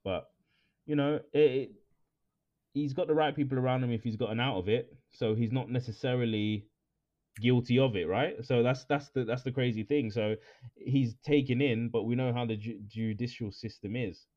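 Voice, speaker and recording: A man with an English accent, co-hosting a casual chat podcast, animated and jokey, repeating his phrases for effect. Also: medium pitch, moderate pace. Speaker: podcast co-host. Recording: dull lo-fi sound.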